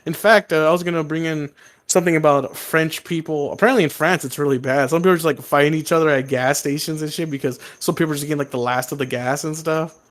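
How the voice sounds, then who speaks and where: Loud rambling profane man. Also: fairly high pitch, steady tone, fast. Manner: rambling, profane, laughs a lot, acts out quotes. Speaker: podcast co-host. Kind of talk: casual chat.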